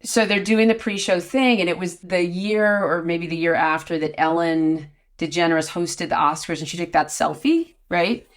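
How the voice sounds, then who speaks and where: A woman, an actor guest on a podcast, telling anecdotes in a lively way, stammering and laughing as she retells events. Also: lowish voice, normal speed, hardly any pauses.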